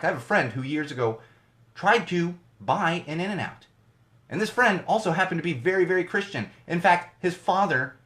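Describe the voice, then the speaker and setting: A man's voice: a little high, a bit bright. A middle-aged man hosting his own podcast from a home studio, giving ranty, digressive solo commentary with lots of emphasis. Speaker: podcast host.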